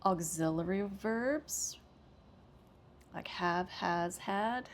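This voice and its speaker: A woman with an American accent gives an English lesson at a slow, careful pace, pausing often to check in with "okay". Her voice has a gravelly edge of vocal fry. Faint noise sits under the recording. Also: fairly low pitch. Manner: patient, explanatory, frequent "okay" and "uh". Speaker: ESL teacher.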